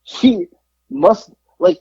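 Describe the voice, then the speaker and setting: A man's voice: sits high, animated, extremely slow, mellow, slightly rough, no room sound, muffled recording. A man from South Florida co-hosting a podcast, telling a story in casual chat, acting out quotes and swearing freely. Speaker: podcast co-host.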